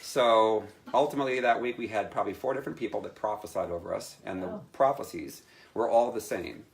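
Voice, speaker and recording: Lively storytelling man before an audience. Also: fairly low pitch, brisk, vocal fry. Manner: lively storyteller acting out his own quotes, laughing often. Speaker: speaker telling his testimony. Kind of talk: animated personal story to a live audience.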